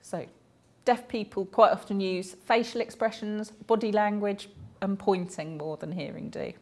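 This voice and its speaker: A woman's voice: mid-range voice, steady tone, measured pace, darkish tone. A woman, voicing a deaf speaker's personal stories aloud in a chatty, anecdotal way, with small self-corrections along the way.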